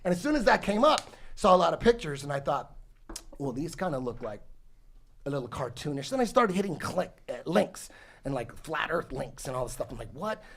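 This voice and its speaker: A man in his forties telling a long story in casual talk, rambling and animated, swearing often and restarting his sentences. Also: fairly high pitch, brisk. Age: 40s. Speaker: podcast guest telling a story.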